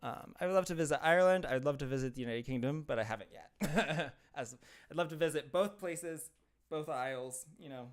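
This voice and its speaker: A man's voice: on the high side, fairly quick. A man with a Midwestern American accent from southern Ohio, chatting casually on a live stream, rambling and laughing often as he answers viewers. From southern Ohio, USA.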